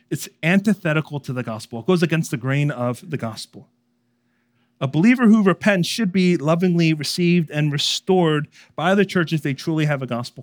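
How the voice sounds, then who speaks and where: Earnest higher-voiced male preacher, dry sound. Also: dry recording. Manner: conversational preaching, swinging from raised emphasis to hushed earnestness. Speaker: pastor. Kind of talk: sermon.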